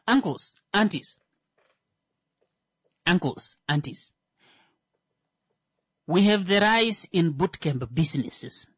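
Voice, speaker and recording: A man giving a comedic monologue, halting with frequent "uh" fillers and sudden rises in pitch for emphasis. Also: animated, a bit bright, slightly rough, no room sound.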